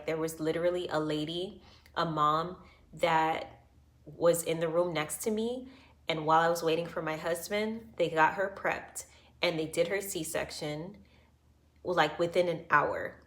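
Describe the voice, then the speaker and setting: A woman's voice: lowish voice, fairly bright tone. A woman in her thirties telling her personal birth story to camera, in an earnest, reassuring way, full of fillers and close to tears.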